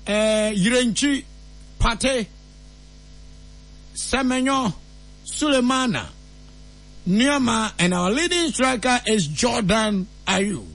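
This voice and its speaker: High, lively Ghanaian man, creaky edge. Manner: mock-solemn pronouncements mixed with loose joking. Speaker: comic self-styled seer. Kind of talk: comedic prophecy skit.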